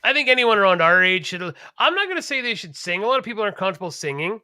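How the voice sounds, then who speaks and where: High, bright-voiced man in profane chat. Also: very fast, clean tone, no echo, clean studio sound. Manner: profane, rambling and animated. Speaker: podcast co-host. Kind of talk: casual chat.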